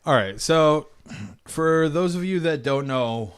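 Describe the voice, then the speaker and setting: A man's voice: on the high side, expressive, takes it slowly, smooth. A man hosting a casual livestream, offhand and trailing off into mumbles. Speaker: streamer host.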